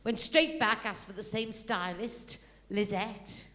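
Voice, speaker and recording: A woman with a Liverpool accent doing stand-up comedy, telling stories deadpan with punchy asides. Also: mid-range voice, slow.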